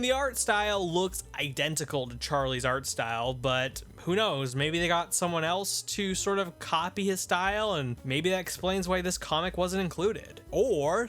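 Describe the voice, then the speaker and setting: A man's voice: high voice, fairly bright tone. A man hosting a comic book review video, talking in a sarcastic, blunt, profane way. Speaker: video host.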